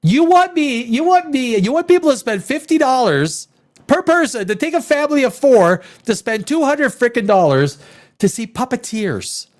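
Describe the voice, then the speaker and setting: A man hosting a live stream, ranting casually with profanity, jumping between loud outbursts and low mutters. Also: big pitch swings, moderate pace. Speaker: live show host.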